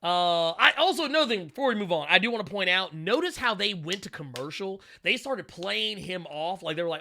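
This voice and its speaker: A man hosts a casual live-stream, his voice very bright and ringing and sitting a little high. He rambles in an animated way, full of restarts and quick asides to his viewers. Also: vocal fry. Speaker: host.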